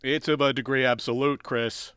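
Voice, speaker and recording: A man's voice: mid-range voice, fairly even intonation, moderate pace, fairly bright tone, smooth, no echo. A man from Pennsylvania co-hosting a casual podcast, wryly rating his partner's jokes. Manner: wry, rates jokes dryly. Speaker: podcast co-host. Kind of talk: casual chat.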